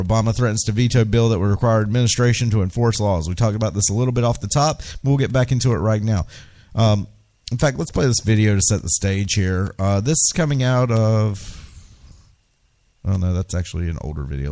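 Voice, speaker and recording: A man's voice: fairly low pitch, fast, mellow. A man hosting a political talk radio show, ranting with indignation and firing off rhetorical questions.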